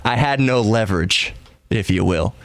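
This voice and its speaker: A man in his thirties hosts a casual podcast with a fairly low voice. He tells comic personal stories and laughs at his own jokes. The mic is close and the sound is dry, with no room echo. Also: moderate pace, creaky, fairly bright tone. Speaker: podcast host. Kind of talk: casual comedic storytelling.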